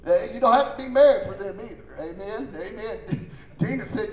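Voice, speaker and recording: High-voiced preaching pastor, man. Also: moderate pace, roomy sound, highs cut off. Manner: emphatic preaching with call-and-response; folksy, informal phrasing. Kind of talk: sermon.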